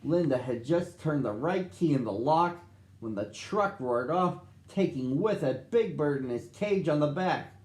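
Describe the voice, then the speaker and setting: A man's voice: fairly high pitch, animated, unhurried, a little mellow, roomy sound. A man reading a storybook aloud expressively for children.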